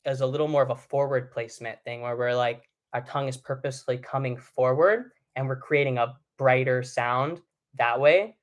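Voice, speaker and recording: A young male vocal coach with a mid-range voice talks at normal speed during a live online singing lesson. He explains in a relaxed manner and breaks into brief sung demonstrations.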